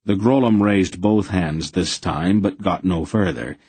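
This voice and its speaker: A man narrating an audiobook in a measured, steady storytelling manner. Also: sits low, breathy edge, dry recording. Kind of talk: scripted narration.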